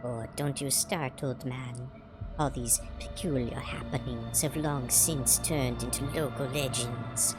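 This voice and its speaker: A woman voicing a playful, teasing female psyker in a game reading, in a lowered voice. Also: fairly even intonation, slow pace, over loud music.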